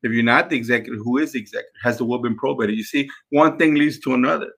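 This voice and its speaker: Quick and emphatic, a podcast host and sales trainer delivers an instructional talk in a mid-range voice that's gravelly, somewhat bright, and breathy at the edges. He repeats himself and refers to his listeners as guys.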